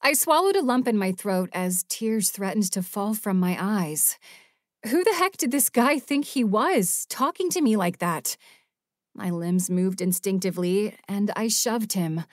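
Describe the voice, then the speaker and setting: A woman narrates an audiobook in the first person, reading with expressive emotion. Her voice is mid-range in pitch. The recording is dry and close, with no room sound. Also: unhurried, dry recording.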